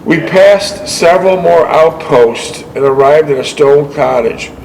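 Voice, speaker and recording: Stumbling through a veteran's war memoir, this show host reads haltingly, fixing his own mistakes and tossing in short remarks. His voice is a little high, creaky and slightly mellow, on a rough recording with slight background noise.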